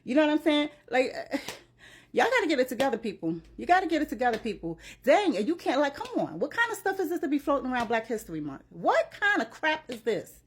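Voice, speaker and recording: A woman's voice: high-pitched, huge pitch swings, a little fast, a little hiss or hum. A woman giving an emotional, preachy reaction commentary, often saying "child" and "you know what I'm saying". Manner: uses "child" as address. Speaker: commentary vlogger.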